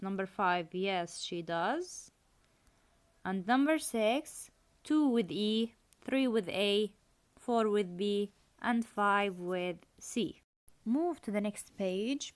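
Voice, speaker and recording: A woman's voice: mid-range voice, slow. A woman, an Arabic speaker, teaching an English lesson. She reads the exercises aloud, repeats key phrases and explains grammar in Arabic. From Jordan. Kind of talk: recorded classroom lesson.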